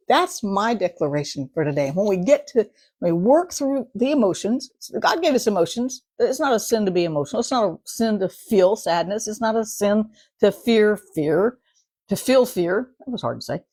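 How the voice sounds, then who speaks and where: A middle-aged woman talks through a devotional in an easy, conversational way, often checking in with her listeners and voicing quoted prayers. Her voice is a little husky and breathy, at a middle pitch. The recording is dry and close. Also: no room sound. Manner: warm conversational, with frequent "right?" asides and dramatic quoted prayers. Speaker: devotional speaker. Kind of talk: casual devotional talk.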